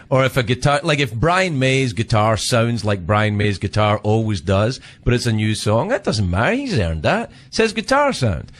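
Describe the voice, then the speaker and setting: A middle-aged man with a Scottish accent, a guest comedian in casual chat, who laughs often and swears. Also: lowish voice. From Scotland.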